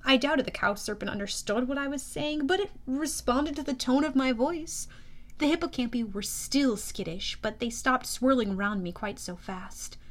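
A woman reading a first-person audiobook in a lively, expressive way with youthful energy. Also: high voice, moderate pace. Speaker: audiobook narrator.

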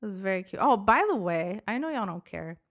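Animated, swearing young woman storyteller. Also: mid-range voice, fairly quick. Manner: animated storytelling, swears a lot, acts out quotes. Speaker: podcast co-host. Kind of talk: casual chat. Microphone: desk mic.

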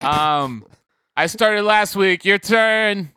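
Bright, high-voiced man joking on a podcast. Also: expressive, drawn-out words, clear, resonant tone, no echo, studio quality. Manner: laughs often, riffs jokingly. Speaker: podcast co-host. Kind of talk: casual comedic chat.

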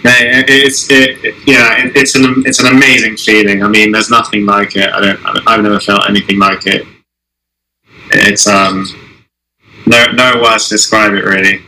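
A young man being interviewed, talking casually with many restarts and pauses. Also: lowish voice, level tone, pushed and bright, slight background noise, poor audio. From Israel. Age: young adult. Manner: halting, many restarts and "I mean". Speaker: guest, Olympic alpine skier.

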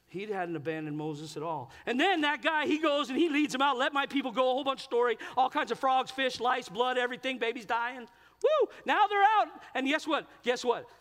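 A man with a strikingly high voice preaches to his congregation, storytelling with lively shifts from loud exclaims to quiet asides. His words ring out with a long reverb, as if in a big sanctuary. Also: a little fast. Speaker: pastor. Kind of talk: sermon. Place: large church sanctuary.

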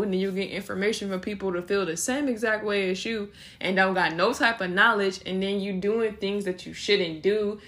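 A young woman talks through a faith-based podcast episode. She is casual and animated, and small laughs slip in between her phrases. She keeps an easy, middle-pitched speaking voice throughout. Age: young adult. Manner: animated, slips into acted voices for quotes. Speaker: podcast host.

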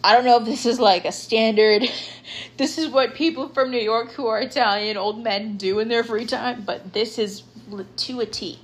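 This young woman's casual solo podcast is chatty and rambling, sprinkled with ums and likes. She speaks a little high, with fairly even intonation at a moderate pace, and there's slight background noise.

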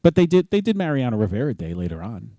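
A middle-aged man co-hosting a podcast, chatting casually about sports in an easygoing way, thinking out loud. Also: medium pitch, very animated, fast, no echo. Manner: easygoing, talks things through with fillers. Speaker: podcast co-host.

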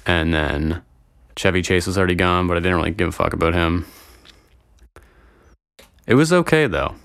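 A young man with a low voice talks loosely and profanely to his viewers, wandering off on tangents. The sound is dry and close, with no room around him. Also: flat delivery, brisk, creaky, a bit bright, smooth, no room sound. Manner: rambling, profane, easily sidetracked. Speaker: vlogger. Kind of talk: casual solo chat to viewers.

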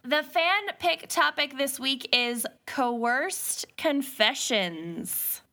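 A Minnesotan woman co-hosts a casual podcast, her voice high and bright. She talks at an easy, unhurried pace, upbeat and chatty with a slightly tipsy looseness. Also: lively intonation. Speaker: podcast co-host. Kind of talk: casual chat.

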